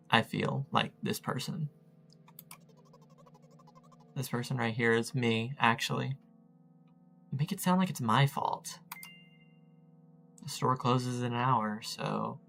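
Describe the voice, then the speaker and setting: Casting: gravelly man, unhurried let's-play commentary, wry and self-mocking, faint music underneath. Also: mid-range voice, a bit bright. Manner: chatty, self-mocking, reads game text aloud and banters with it. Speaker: gamer playing a text adventure.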